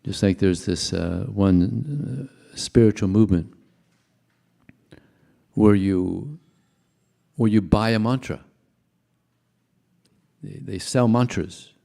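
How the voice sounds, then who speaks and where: A man's voice: on the low side, takes it slowly, vocal fry, pauses often, mellow. An older man giving a devotional talk to a congregation, telling anecdotes in a chatty, conversational way. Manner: anecdotal, chuckling, conversational storyteller. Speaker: temple speaker.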